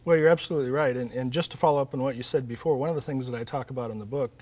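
A man's voice: medium pitch, rapid-fire, darkish tone. A man, an author and guest in an interview, talking earnestly about faith and family, telling stories with frequent restarts. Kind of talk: interview conversation.

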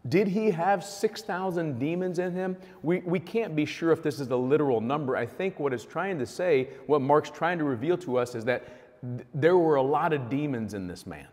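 A man's voice: a little high, animated, moderate pace, darkish tone. A male pastor preaching a sermon in a conversational, storytelling way. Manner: conversational, vivid storytelling with fillers. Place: church hall. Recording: long hall reverb.

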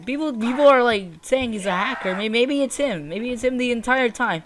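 A woman's voice: fairly high pitch, animated, moderate pace, few pauses, a little hiss or hum. A young woman giving casual gameplay commentary while complaining about a shooter game, exasperated and sarcastic. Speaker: gaming youtuber.

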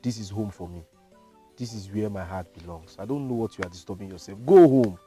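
A man's voice: lowish voice, a little fast, dark tone, faint music behind, close to an everyday voice. An actor with a Nigerian accent playing an impatient young man who dismisses his mother sharply. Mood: dismissive. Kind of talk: Nollywood village drama acting.

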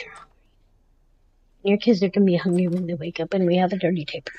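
A woman's voice: lowish voice, fairly even intonation, fast talker, long pauses, mellow, lo-fi sound. A woman in her forties giving casual, chatty commentary on her game at home, talking to the game characters and her dog as she plays. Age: 40s. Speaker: gameplay commentator.

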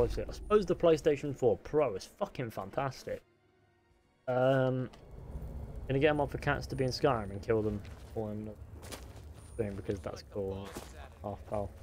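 A young man streaming a game live, chatting casually, swearing freely and answering his chat out loud. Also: mid-range voice, slight background noise.

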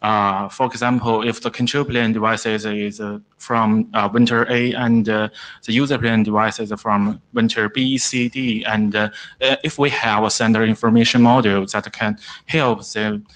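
Man presenting technical slides, lowish voice, hesitant, lots of uh fillers, English, conference room mic. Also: steady tone, a bit bright, rough recording. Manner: halting, frequent "uh", broken grammar. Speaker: presenter of a draft at a standards meeting.

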